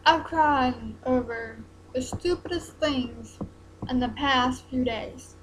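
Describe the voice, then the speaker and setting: A young woman, talking haltingly in a personal vlog while close to tears. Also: high-pitched, a little hiss or hum, poor audio. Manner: hesitant, halting, many ums and restarts.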